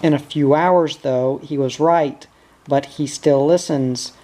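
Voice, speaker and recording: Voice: mid-range voice, fairly even intonation, slow pace, dark tone, close to an everyday voice. A reader voicing a troubled country wife. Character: worried middle-aged country wife.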